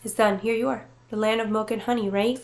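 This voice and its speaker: A woman with a fairly high voice gives a casual tarot reading to her viewers. She talks in an animated, playful way, swearing freely and often laughing. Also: a little fast. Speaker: tarot reader.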